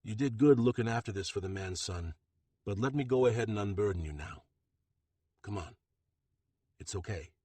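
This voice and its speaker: Man voicing a commanding gruff head chef. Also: moderate pace, no echo. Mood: gentle. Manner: low, firm and commanding. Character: commanding male executive chef, gruff and calm.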